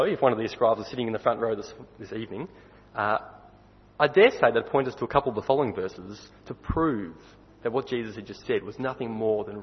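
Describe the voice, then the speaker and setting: A man's voice: on the low side, breathy edge. A man preaching a sermon in a conversational way, putting questions to his listeners. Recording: dull recording with long hall reverb.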